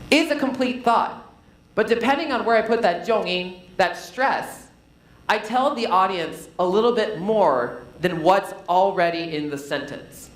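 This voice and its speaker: A man presenting a storytelling workshop, playful and animated, joking with his audience. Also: high-pitched, roomy sound, low-quality recording. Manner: playful, animated teacher who jokes with the audience. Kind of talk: live storytelling workshop talk. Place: conference hall.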